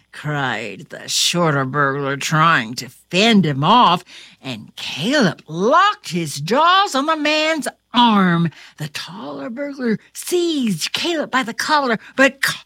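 Husky, animated woman reading a storybook. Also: medium pitch, slow, dry recording. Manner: theatrical, swings from whispers to cries; chatty asides to her listener.

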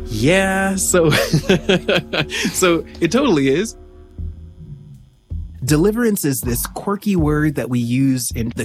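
A man telling a personal story as an interview guest, reflective and pausing to search for words. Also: medium pitch.

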